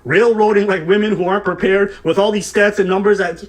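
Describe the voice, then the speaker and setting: Briskly and in a high voice, a male reaction-show co-host swears and mocks his way through heated commentary. He stays animated throughout, laughing at his targets.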